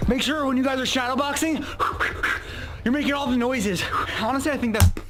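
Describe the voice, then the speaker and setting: A fitness vlogger talks to his viewers in a hyped, rallying way. His voice runs high and quick, with clear music playing under it. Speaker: fitness video creator. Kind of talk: energetic vlog talk. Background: background music.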